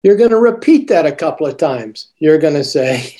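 A man coaches teachers in a mellow, darker voice. He demonstrates classroom greetings with playful, sing-song stress, setting up each example as he goes. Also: on the high side, big pitch swings, slow, long pauses. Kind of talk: coaching talk.

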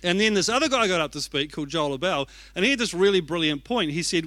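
A man's voice: sits high, lively intonation, quick pace, few pauses, bright, forceful tone, no room sound. A young man preaching a sermon as an executive pastor, telling stories in a chatty, self-deprecating way. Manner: conversational, self-deprecating storytelling.

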